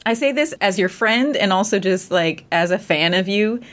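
A woman's voice: medium pitch, lively intonation, normal speed. A woman podcast co-host, effusive and enthusiastic in casual chat.

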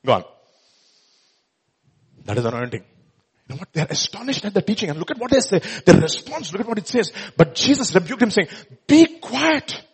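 A man's voice: a little high, breathy edge. A man preaching a sermon, asking rhetorical questions and acting out quoted speech with strong emphasis. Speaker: pastor.

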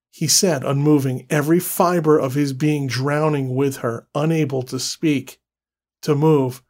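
A man giving a scripted horror story narration in a slow, deliberate, dramatic way. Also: fairly high pitch, fairly even intonation, darkish tone.

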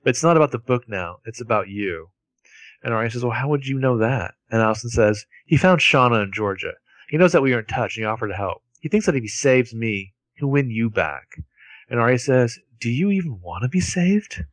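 A man co-hosting a podcast, recapping a TV episode scene by scene as an animated storyteller. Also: medium pitch, fairly quick, no echo. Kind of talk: casual chat.

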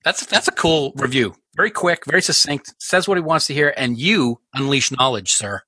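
A man co-hosting a fan podcast in casual chat, halting and restarting often, with dry asides. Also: mid-range voice, sharp tone, slightly rough, no room sound. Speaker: podcast co-host.

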